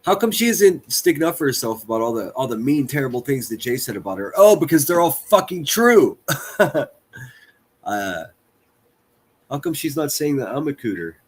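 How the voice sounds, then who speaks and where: On his livestream, a man with an expressive, slightly rough medium-pitched voice talks at normal speed. His reactions are crude and sarcastic, and he makes fun of the material he plays.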